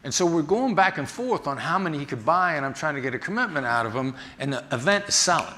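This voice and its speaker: A man who teaches negotiation gives a storytelling talk, acting out the people in his anecdotes with lively voices. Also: a little high, fast. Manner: animated, acts out the people in his stories. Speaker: negotiation instructor and former FBI agent giving a talk.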